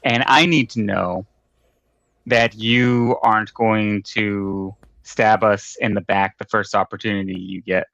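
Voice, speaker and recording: A man playing a wiry swordsman who speaks slowly and carefully. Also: lowish voice, steady tone, creaky, fairly bright tone, no room sound, highs cut off. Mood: guarded. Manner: slow, measured delivery. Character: wiry male swordsman, wry and guarded.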